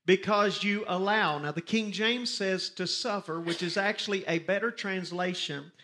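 A man's voice: high voice, moderate pace, sharp tone, a little hiss or hum. A man teaching a Bible study sermon, reading scripture with rising emphasis and telling listeners to underline words. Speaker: pastor.

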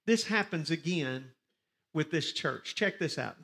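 High-voiced emphatic male preacher. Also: lively intonation, a little slow, gravelly, fairly bright tone. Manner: emphatic, reads scripture with rising force; directs listeners to underline words. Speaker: pastor. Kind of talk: sermon, Bible teaching.

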